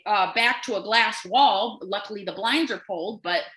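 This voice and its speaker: A woman's voice: medium pitch, moderate pace, roomy sound, poor audio. A nurse and podcast co-host, a woman telling a story casually and acting out the voices of the people in it. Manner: animated storyteller who acts out quoted voices.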